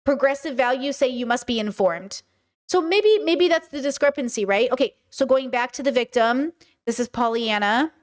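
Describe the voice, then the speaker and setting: A woman's voice: high voice, moderate pace. A woman hosting a commentary stream, talking emphatically and conversationally, now and then mocking someone with a put-on voice. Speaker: podcast host.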